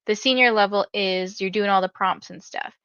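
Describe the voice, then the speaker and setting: Young female streamer, bright voice, casual filler-laden chat, dry slightly lo-fi mic. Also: medium pitch, moderate pace, smooth, dry recording. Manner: chatty, many fillers, reads viewer comments aloud. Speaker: livestream host reading books.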